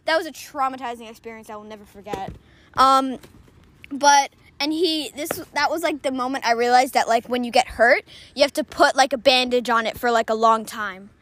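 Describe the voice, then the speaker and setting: A woman's voice: high voice, a little fast, a bit bright, slight background noise. A young teenage girl telling a rambling story to a friend, giggly and casual. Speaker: podcast co-host. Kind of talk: casual chat.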